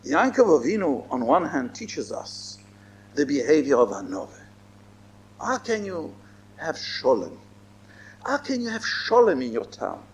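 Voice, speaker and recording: Older man, rabbi, high voice, lively swooping delivery, emphatic repetition. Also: measured pace, pauses often. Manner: emphatic, repeats phrases, mixes in Hebrew and Yiddish terms. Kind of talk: Torah lecture.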